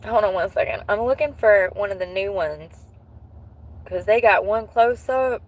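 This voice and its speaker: A woman vlogger chatting casually to her viewers in a gossipy, animated way, cursing freely. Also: mid-range voice, moderate pace. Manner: animated, swears, breaks into laughter.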